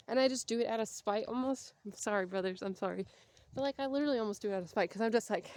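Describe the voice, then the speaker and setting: A woman's voice: a little high, expressive, very fast. A young woman vlogging casually while out walking, chatty and rambling, and out of breath. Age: young adult. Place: outdoors on a walk.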